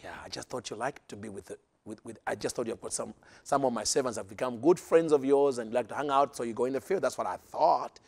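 A man voicing a gentle father who pleads softly with his son, in a hushed, coaxing tone. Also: medium pitch, huge pitch swings, moderate pace, gravelly, few pauses, husky, voice pushed down, exaggerated voice. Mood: tender.

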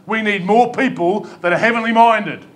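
In a church hall, an Australian-accented pastor preaches a sermon in a high male voice at normal speed. His delivery is emphatic and pleading, mixing rhetorical questions with humor.

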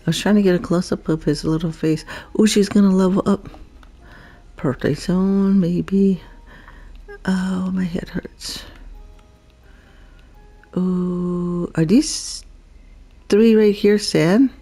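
Slow, mellow-voiced woman chatting through gameplay. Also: medium pitch, soft background music. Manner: chatty, talks to game creatures, giggles often. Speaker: gameplay vlogger. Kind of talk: casual gameplay commentary.

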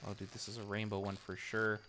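A male streamer chatting casually with his viewers while playing, excitable and swearing freely as he reacts to the game. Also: fairly low pitch, quick pace, a little hiss or hum. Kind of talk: casual live gameplay chat.

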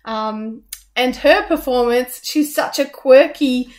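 A woman co-hosting a radio show, reviewing a stage musical in a casual, halting way with many ums. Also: sits high, darkish tone. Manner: hesitant, many ums and restarts.

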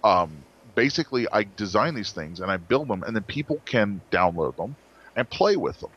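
A man's voice: fairly low pitch, very animated, moderate pace, a bit bright, slightly rough, dull audio. A man designer telling stories in a casual interview, rambling with restarts and acted-out quotes.

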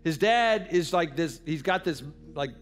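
High-voiced earnest man preaching. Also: animated, unhurried. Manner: earnest, encouraging, with restarts. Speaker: pastor. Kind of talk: sermon. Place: church. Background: faint instrumental music.

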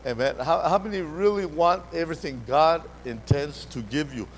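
A man preaching a sermon as pastor, animated, calling out to the congregation and repeating his words. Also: on the high side, normal speed, slight background noise, low-quality recording. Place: church hall during a live service.

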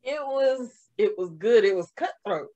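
A woman co-hosting a casual chat, with a high voice that rises and falls a lot. She speaks slowly and acts out her reactions as she tells them. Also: dull audio. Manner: expressive storyteller who acts out her reactions. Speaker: co-host of a review show.

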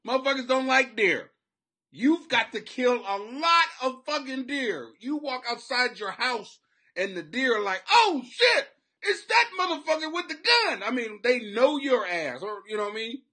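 A man hosting a comedy podcast, talking rowdy and profane, often breaking into shouts and silly voices. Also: very high voice, animated, moderate pace. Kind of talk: rowdy comic commentary. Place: home basement.

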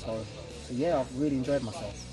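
A man's voice: medium pitch, fairly quick, loud music behind the voice. A young man, an actor chatting casually behind the scenes and telling stories in a joking, slangy way. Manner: joking, slangy, animated storytelling. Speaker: actor interviewed on set.

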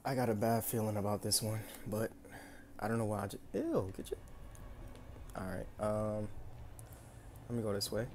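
A man's voice: fairly low pitch, little pitch movement, a little fast, long pauses, a little mellow, slight background noise. A man streaming a video game, repeating short phrases to himself as he plays. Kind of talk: casual gameplay commentary.

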